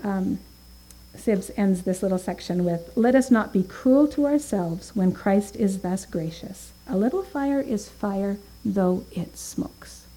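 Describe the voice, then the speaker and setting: A woman's voice: medium pitch, animated, slow pace, mellow, low-quality recording. A woman teaching a Bible study, earnest, reading scripture aloud with emphasis and thinking aloud with small fillers and restarts.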